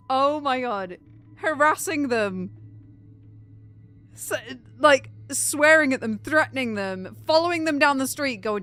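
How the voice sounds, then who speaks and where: A young British woman chatting casually on a game live stream, animated and incredulous, laughing often. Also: high voice.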